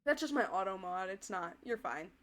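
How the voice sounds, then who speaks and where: A woman's voice: medium pitch, expressive, moderate pace, fairly bright tone. A woman streaming a game live, chatting casually with her chat and giggling often. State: voice tiring. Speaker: VTuber streamer.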